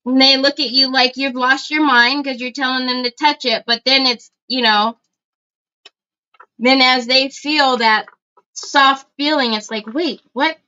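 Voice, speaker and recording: A woman's voice: high voice, steady tone, measured pace, pushed and bright, clear, resonant tone, highs cut off. A woman hosting a casual crafting livestream, chatting to viewers and calling out to her family as she works. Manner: chatty, breaks off to call to family.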